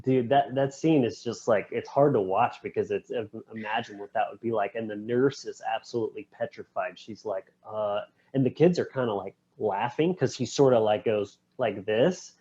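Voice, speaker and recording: A man co-hosting a podcast, retelling film scenes in a relaxed, slangy way. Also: fairly low pitch, moderate pace, hardly any pauses, breathy edge, highs cut off. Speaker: podcast co-host. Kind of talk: casual film discussion.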